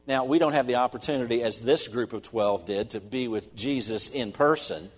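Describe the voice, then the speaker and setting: A middle-aged man preaching a sermon as pastor, earnest, swinging between emphatic stresses and soft asides. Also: mid-range voice, normal speed, hardly any pauses, breathy edge. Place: church sanctuary. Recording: long church-hall reverb.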